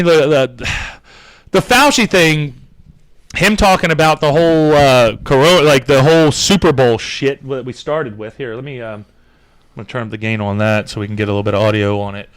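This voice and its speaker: A man's voice: a little high, moderate pace, fairly bright tone. A man hosting a podcast, ranting in a casual, sarcastic and profane way. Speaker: podcast host. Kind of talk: casual comedic rant.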